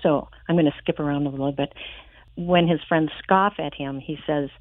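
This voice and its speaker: A woman author talking in a radio interview over the phone, reading from her book, friendly and quick to laugh. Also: low voice, fairly even intonation, no room sound. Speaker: children's author and guest. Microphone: telephone. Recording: tinny phone line.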